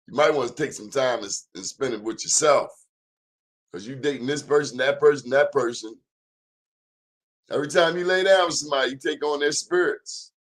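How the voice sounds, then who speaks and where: A man's voice: mid-range voice, fairly bright tone. A man hosting a talk show, giving a blunt, sermon-like monologue in plain, emphatic speech. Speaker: show host.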